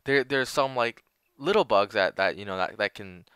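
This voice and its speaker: Young man rambling over gameplay, crisp bright voice. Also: lowish voice, expressive, moderate pace, no room sound. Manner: rambling, heavy on filler words and restarts. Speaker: gaming commentator. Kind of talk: casual gameplay commentary.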